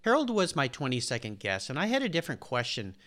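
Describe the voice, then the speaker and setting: A man's voice: medium pitch, wildly swooping pitch, fast talker, fairly bright tone. A man in his sixties, a podcast host being interviewed, talking earnestly and at length in a casual way. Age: 60s. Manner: earnest, detailed, talks at length.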